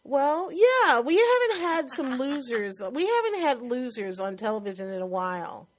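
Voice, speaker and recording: Chatty new york woman talking tv shows, kinda high voice, laughs a lot. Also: big pitch swings, normal speed. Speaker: podcast co-host. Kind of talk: casual chat about TV shows.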